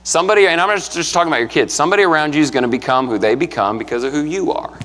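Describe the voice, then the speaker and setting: A man in his thirties preaches in a casual, earnest way, often climbing higher and louder on his key points. His voice sits a little higher than most men's. It rings with the long reverb of a church hall. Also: very fast. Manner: conversational, earnest, builds in pitch and volume to emphatic peaks. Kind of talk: sermon. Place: church sanctuary.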